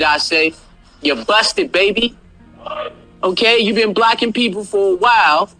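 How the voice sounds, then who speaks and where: Bright voice ranting and scolding. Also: medium pitch. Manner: confrontational, repetitive, scolding. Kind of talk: ranting commentary from a played video.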